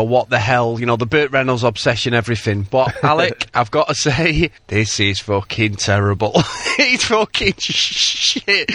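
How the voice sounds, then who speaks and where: A man's voice: medium pitch, a bit bright, no echo. A man co-hosting a casual film review podcast, blunt, swearing and laughing as he gives his verdict. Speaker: podcast co-host.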